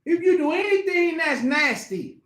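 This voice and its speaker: A man's voice: very high-pitched, moderate pace. A man preaching an informal sermon, asking his listeners questions, repeating key phrases and laughing often. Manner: animated, asks the congregation questions, laughs often. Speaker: preacher teaching scripture. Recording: echoey room.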